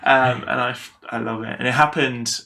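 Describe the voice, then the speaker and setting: A man's voice: mid-range voice, fairly even intonation, normal speed, vocal fry, pushed and bright. A man chatting animatedly about his tabletop game characters, swearing casually, on a video call. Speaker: podcast guest.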